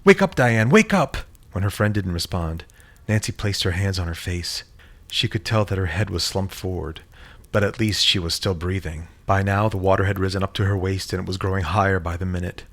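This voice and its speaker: A man reading a horror story in a measured, dramatic storytelling manner. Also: low voice, steady tone. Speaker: narrator. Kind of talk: scripted horror story narration.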